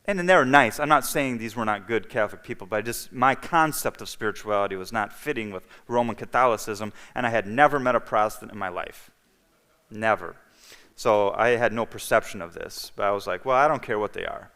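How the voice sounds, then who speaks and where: Low-voiced man telling his testimony. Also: a little fast, a bit bright, smooth. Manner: rambling storytelling with restarts. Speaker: church health week speaker. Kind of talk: personal testimony talk. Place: church.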